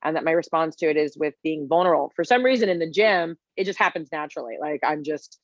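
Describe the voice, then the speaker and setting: A woman's voice: sits low, fast talker, no echo, highs cut off. A woman in her forties, a guest chef, telling stories in a casual interview with lots of fillers. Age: 40s. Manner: animated storytelling with many fillers.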